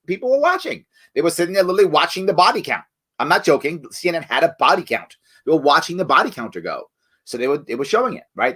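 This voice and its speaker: A man's voice: a little high, bright, forceful tone. A man hosting a live talk show, speaking emphatically and answering viewer comments, often tagging points with "right?". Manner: emphatic, repeats "right?" and restarts.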